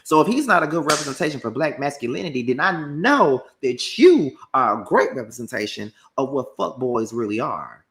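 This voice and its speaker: A man delivering a combative, profane commentary rant packed with rapid-fire rhetorical questions. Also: mid-range voice, big pitch swings, a bit bright. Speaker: commentary YouTuber.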